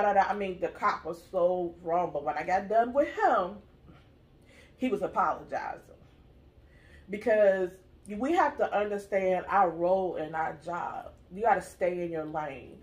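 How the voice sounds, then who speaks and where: A woman's voice: mid-range voice, a little slow. A woman hosting her channel, telling a personal story in casual chat with an emphatic, direct manner. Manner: emphatic, storytelling, addresses viewers as y'all. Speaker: channel host, mother.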